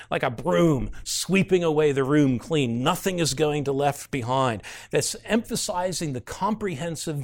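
A man teaching through a book of the Bible, reading passages aloud and explaining them in an earnest, conversational way, with frequent "uh" fillers and sudden emphasis on key words. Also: a little high.

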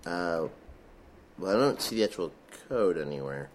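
A man with a very deep voice co-hosts a casual tech podcast and explains software in a calm, matter-of-fact way. A clear layer of noise sits under the recording. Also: normal speed.

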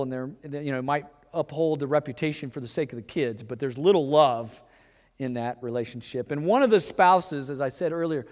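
A man preaching a sermon, acting out back-and-forth dialogue with lively swings in pitch and loudness. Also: long reverb tail. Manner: animated, acts out dialogue with shifts in pitch and loudness. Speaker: pastor.

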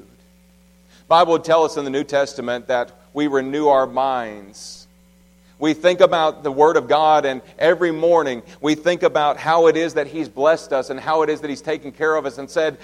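A man in his thirties preaching a sermon in a church, swinging from loud, emphatic exhortation to soft, hushed storytelling. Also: a little high. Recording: long reverb of a large hall.

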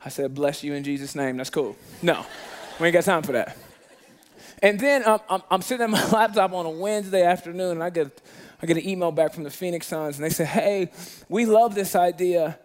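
A man preaching as a guest pastor, telling a funny story in a lively way and acting out the people in it. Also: fairly quick. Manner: animated, acts out quoted voices with big pitch jumps. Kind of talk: storytelling sermon.

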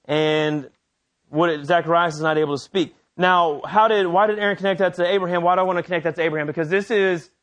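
Sex: male. Role: preacher. Style: conversational sermon. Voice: high for a man. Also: fast talker. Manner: animated, conversational storytelling.

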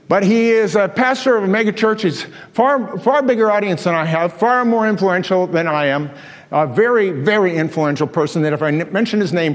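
High-voiced impassioned preacher in a reverberant hall. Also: male voice. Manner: impassioned, rhetorical questions to the congregation. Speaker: pastor. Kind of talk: sermon. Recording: long reverb of a large hall.

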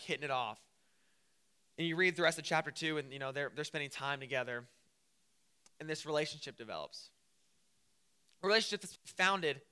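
A young man preaching a casual sermon, telling the story with lively acted-out quotes. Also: a little high, clean tone. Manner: animated storytelling, acting out quotes.

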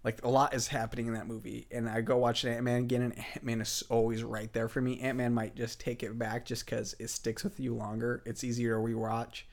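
A man's voice: mid-range voice, little pitch movement, a little fast, creaky, hardly any pauses. A man hosting a casual podcast, talking enthusiastically with lots of fillers and restarts. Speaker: podcast host.

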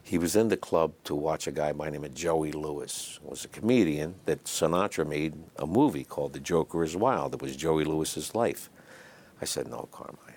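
An older man telling stories in a relaxed, chatty way as an interview guest, with lots of fillers and asides. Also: extremely low pitch, moderate pace. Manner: raspy, chatty anecdotes full of fillers. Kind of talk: storytelling in a casual interview.

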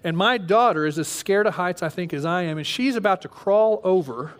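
High-voiced animated male preacher. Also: brisk. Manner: animated storyteller, acts out his own panic. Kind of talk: sermon storytelling.

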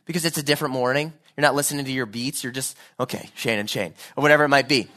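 A man's voice: medium pitch, steady tone, rapid-fire, hardly any pauses, sharp tone. Earnest male preacher, rising to fervor. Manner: earnest, rising to fervent pleading. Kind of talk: sermon.

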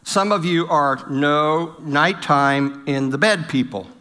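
Bright-voiced storytelling man. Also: a little high, slow. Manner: storytelling with self-deprecating humor, acting out quotes. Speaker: pastor. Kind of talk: humorous church talk on marriage.

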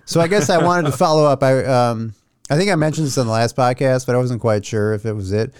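A man's voice: medium pitch, fast, clean tone, no echo, studio quality. A young man hosting a podcast in casual chat, rambling, swearing casually and laughing at himself. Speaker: podcast host.

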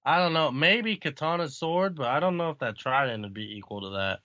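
Bright-voiced, profane casual man. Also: fairly high pitch, expressive, fairly quick, no room sound, highs cut off. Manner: profane, laid-back, laughing often. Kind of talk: casual comic book chat.

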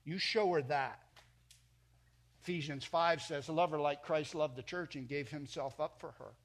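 A middle-aged man preaching a sermon in a church, emphatic, swinging between loud and soft. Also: a little high, unhurried. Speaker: pastor.

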